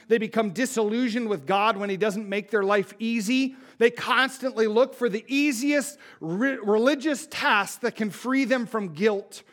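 A man preaching a sermon, impassioned and pleading, dropping to a hush and then rising loud. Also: high-pitched. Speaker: pastor.

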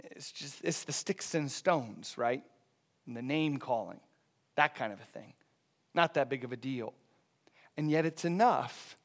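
A man, a pastor, preaching a conversational sermon and often checking in with the congregation. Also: mid-range voice. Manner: conversational, animated, often asking "right?".

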